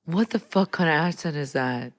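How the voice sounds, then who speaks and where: A woman's voice: deep voice, moderate pace. A woman co-hosting a podcast, skeptical and laughing in casual banter. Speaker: podcast co-host.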